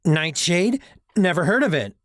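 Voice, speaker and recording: A man's voice: high voice, sing-song, unhurried, fairly bright tone, no room sound, voice pushed up, full character voice. A nasal, smirking young college dealer, smug but jumpy, voiced by a man. He dodges and plays innocent in a lifted voice. The read is dry and close. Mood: evasive. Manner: smug, evasive. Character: sly nervous young male student dealer.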